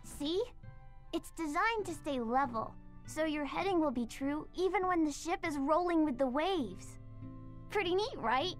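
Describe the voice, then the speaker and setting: A woman's voice: high voice, expressive, unhurried, soft background music. An eager sickly young boy. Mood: earnest. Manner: earnest, eagerly explaining. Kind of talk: game voice acting.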